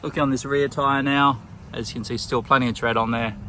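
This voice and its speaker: An Australian man working as a car salesman talks through a vehicle tour in an easy, matter-of-fact way. His voice is bright and forward at a middling pitch. He is recorded on a camera mic around and inside a car, with a faint hum of outdoor noise behind him. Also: fairly quick. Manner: relaxed, plain-spoken, pointing things out as he goes. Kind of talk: walkaround car video tour.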